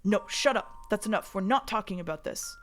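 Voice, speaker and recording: A woman voicing a proud, brooding young male hunter prince in a visual novel, talking in a gruff, defensive, commanding way. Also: mid-range voice, fairly quick, close to an everyday voice. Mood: indignant.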